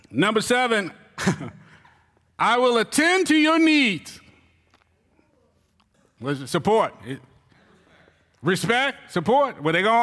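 A man, a church elder, giving a joking, animated sermon on marriage to his congregation. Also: high voice. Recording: reverberant hall.

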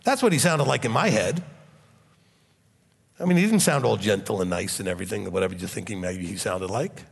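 A man preaching a sermon in a blunt, animated way and leading a closing prayer. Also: lowish voice, brisk, creaky, breathy edge, in a large hall. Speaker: pastor.

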